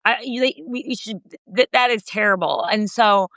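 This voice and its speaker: A woman podcast host and journalist recounting a story in casual conversation, animated and full of fillers, raising her voice when quoting others. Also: moderate pace, no room sound, clean studio sound. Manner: animated retelling, voicing quoted remarks higher, frequent fillers.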